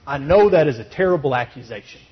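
A man's voice: fairly high pitch, fast talker. A man preaching a sermon, firing rhetorical questions and then answering them himself. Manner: emphatic rhetorical questions, then calmer and gentle. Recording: dull lo-fi recording.

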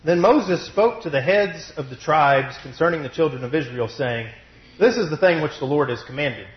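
A man preaching a sermon through a cough, slowing down to stress his points, at a pulpit mic in a church. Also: a little high, expressive. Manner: measured, deliberate delivery with slowed emphasis. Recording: roomy, dull lo-fi sound.

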